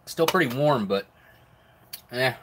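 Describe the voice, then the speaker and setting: A man's voice: medium pitch, animated, slow pace, a bit bright, slight background noise. A middle-aged man hosts a live stream, chatting casually about rations while eating, often with his mouth full. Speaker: live stream host reviewing military rations.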